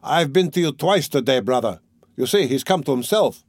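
An eager, hearty young student, put on by a male audiobook reader. His voice rides up high and presses every point with excitement. The sound is dry and close. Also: normal speed, no room sound. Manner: raised, lively, insistent delivery.

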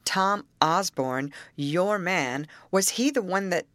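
A woman reader voicing a rough camp boss, a man who growls his answers sullenly. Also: high voice, lively intonation, slow, a bit bright, no echo, full character voice. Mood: defiant.

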